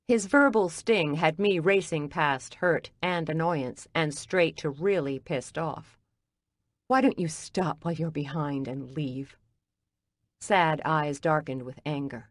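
A woman narrating a first-person mystery audiobook in an even, measured way. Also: deep voice, dry recording.

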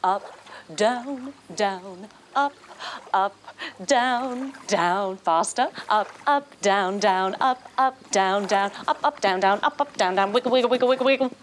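A young kids yoga instructor guides children through a yoga story in a medium-pitched voice, taking it slowly. She is playful and singsong, filling the tale with sound effects and movement cues, and the recording has a little hiss or hum.

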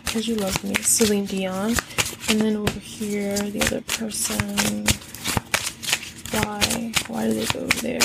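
A woman's voice: mid-range voice, level tone, a little slow, vocal fry, very noisy. A woman giving a casual tarot reading, musing aloud with rhetorical questions and reciting song lyrics. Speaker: tarot reader.

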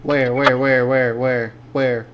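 A man chatting casually as the host's friend, jokey and quick to laugh and exclaim. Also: medium pitch, little pitch movement, a crowd in the background. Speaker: co-host friend. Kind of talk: casual reaction chat.

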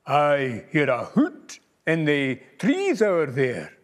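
A man voicing a big, hungry, gullible male monster with a gruff Scottish accent in a storybook reading in Scots. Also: a little high, wildly swooping pitch, takes it slowly, pitched below the performer's own voice, exaggerated voice. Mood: wary.

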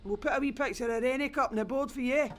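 A grumbling Scottish rig hand who swears freely and jokes with his workmates. His pitch sits mid-range, with a faint hiss of background noise. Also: fairly even intonation, quick pace. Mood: joshing. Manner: gruff, sweary, chummy. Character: grumbling oil rig worker, foul-mouthed.

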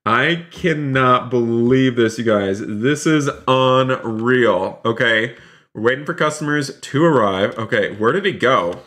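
A man streaming a role-play game live, excitable, talking to his chat and repeating himself. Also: medium pitch, a little slow. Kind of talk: live gameplay commentary.

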